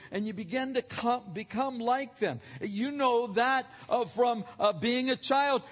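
High-voiced man preaching in echoing hall. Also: fairly bright tone. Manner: conversational preaching, asks the congregation directly. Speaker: pastor. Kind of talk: sermon. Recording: muffled recording in a reverberant hall.

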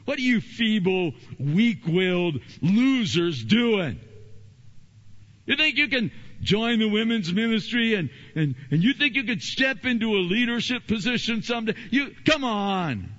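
A man's voice: high-pitched, very animated, measured pace, bright, forceful tone, dull audio, pitched above the performer's own voice, heavily acted. A man voicing a mocking tempter spirit in a sermon, scornful and taunting.

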